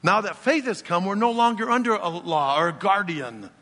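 His voice sits high, pushed and bright, expressive at a moderate pace as he preaches. The pastor confronts his congregation directly with rhetorical questions inside a church sanctuary, where the hall produces a long reverb.

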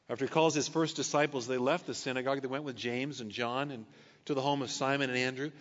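A man's voice: mid-range voice, steady tone, fast, a bit bright. A male pastor preaching a sermon, reading scripture and adding casual conversational asides. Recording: echoey hall, dull lo-fi sound.

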